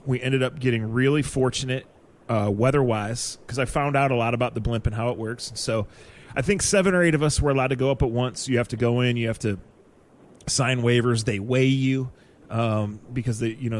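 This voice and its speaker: A man co-hosting a podcast, telling a story in a casual, animated way and laughing easily. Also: medium pitch. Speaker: podcast co-host.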